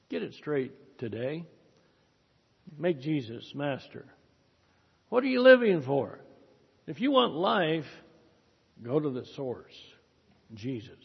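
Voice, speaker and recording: A man's voice: fairly high pitch, vocal fry, husky. Male preacher, earnest and exhorting, muffled, dull recording with long reverb. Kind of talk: sermon with closing prayer.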